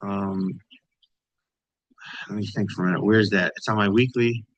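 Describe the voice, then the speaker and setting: A man's voice: lowish voice, steady tone, normal speed, muffled recording. A man hosting a trading channel, talking casually through charts. He repeats phrases for emphasis and keeps checking in with "right?" and "you know".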